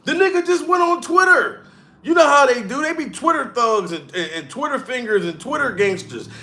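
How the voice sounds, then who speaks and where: A man's voice: extremely high pitch, lively intonation, normal speed, bright, forceful tone. A comedian streamer ranting profanely and mockingly on a live stream, calling out to chat as he goes. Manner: profane, heated, mocking rant.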